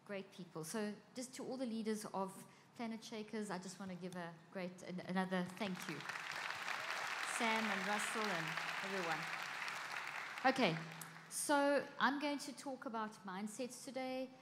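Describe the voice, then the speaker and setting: A woman's voice: medium pitch, moderate pace. A woman who is a cognitive neuroscientist giving an enthusiastic conference talk on stage. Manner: bubbly, enthusiastic. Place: large conference hall with audience. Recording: long hall reverb, faint crowd noise.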